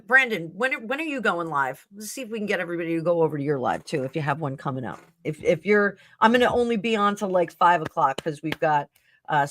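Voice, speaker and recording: A woman's voice: lowish voice, a bit bright, slight background noise. A middle-aged woman hosting a live tarot stream, chatting casually and rambling with fillers and self-corrections.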